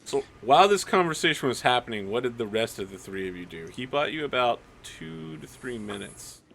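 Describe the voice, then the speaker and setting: Male game master, casual scene narration, mid-pitched voice, loose filler-heavy talk. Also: big pitch swings, fairly quick, creaky, fairly bright tone, slight background noise. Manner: casual, descriptive, many "like" fillers.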